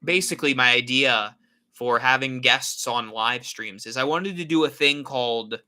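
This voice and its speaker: A man's voice: mid-range voice, normal speed, pushed and bright. A man hosting a casual live stream, rambling and answering viewer comments. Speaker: horror channel host.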